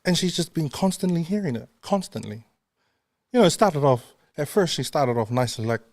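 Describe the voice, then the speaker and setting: A man's voice: on the high side, lively intonation, brisk, no room sound. Chatty, self-mocking male radio host. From not London. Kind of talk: casual chat.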